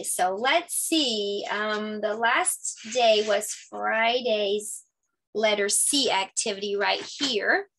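A woman teacher talking casually through her lesson ideas. She explains things chattily and sounds out words slowly when she demonstrates them. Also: mid-range voice, a bit bright, a little hiss or hum. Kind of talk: casual lesson-idea walkthrough.

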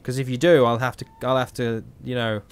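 A man's voice: mid-range voice, flat delivery, a little fast. A tired man giving rambling, joking commentary as he plays. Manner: rambling, joking, talks to himself. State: tired, yawning. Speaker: gameplay commentator. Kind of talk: casual game commentary.

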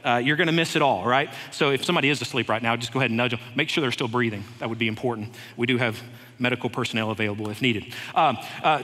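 A man preaching a sermon in a church, earnest and unhurried, with light touches of humor. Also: medium pitch, bright, forceful tone. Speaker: head of school preaching. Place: church sanctuary. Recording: long reverb of a church hall.

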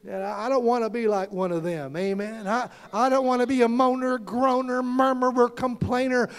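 A man preaching a fervent sermon as pastor, shouting and calling out to the congregation. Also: very high-pitched.

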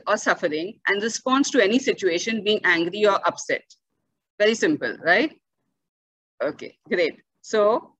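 A woman's voice: medium pitch, fairly bright tone, no echo, low-quality recording. A woman lecturing on a video call, explaining terms step by step with frequent "okay" and "uh" fillers. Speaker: lecturer on bioethics. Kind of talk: online lecture. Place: home or office, virtual webinar. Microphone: computer mic on a video call.

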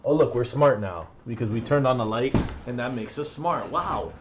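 A man's voice: medium pitch, lively intonation, normal speed, noisy background. A young man ranting brashly in a comedic gaming vlog from his bedroom, crude and mocking, swearing constantly. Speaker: gaming vlogger.

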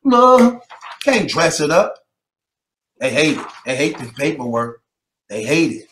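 A man's voice: medium pitch, measured pace, a bit bright, reverberant, slight background noise. A man delivering a mocking rant to the camera, taunting and repeating his jabs and breaking into laughter between them.

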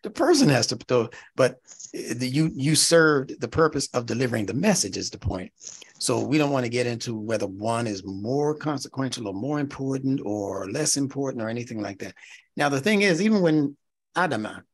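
Husky middle-aged guy teaching a class, gets loud n emphatic, keeps asking right?. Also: mid-range voice, moderate pace. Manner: animated, teacherly, rising to emphatic peaks, checks with "right?". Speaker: instructor. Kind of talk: classroom lecture.

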